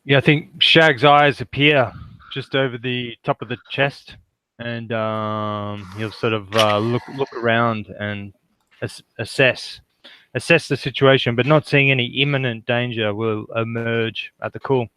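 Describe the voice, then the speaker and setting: A man playing a tabletop game, his voice bright and crisp in a dry, close recording. He describes his character's actions with a few halting restarts. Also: medium pitch, fairly even intonation, no echo, rough recording. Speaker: player.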